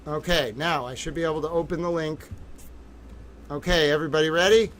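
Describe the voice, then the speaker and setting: A man hosting a livestream, talking in an excitable, theatrical way that swings from low muttering to loud outbursts. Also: fairly quick, a little hiss or hum. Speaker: livestream host. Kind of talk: livestream commentary.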